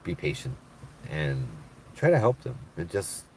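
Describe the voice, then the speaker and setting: Laid-back Hawaiian man, low voice. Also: measured pace, gravelly, a little hiss or hum. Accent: Hawaiian Pidgin-tinged English. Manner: laid-back, animated when quoting others, laughs often. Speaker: live stream host. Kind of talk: casual live chat storytelling.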